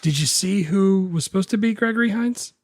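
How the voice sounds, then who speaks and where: A man co-hosting a casual movie podcast, laid-back and laughing often, speaking haltingly with many fillers. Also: high voice, no echo. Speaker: podcast co-host.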